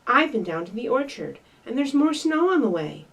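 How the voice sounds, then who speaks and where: Woman doing a high, loud, panting young storybook critter in a rush, slightly distant mic. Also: sing-song, normal speed, gravelly, full character voice. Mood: worried. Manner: gasping, urgent warnings. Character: excited young male woodland animal, breathless, urgent.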